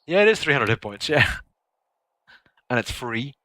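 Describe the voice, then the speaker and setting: A young man giving casual live commentary while he plays a game, excitable and laughing often as he chats to viewers. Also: mid-range voice, normal speed, no echo. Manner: excitable, giggly, chatting to viewers. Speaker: gaming streamer.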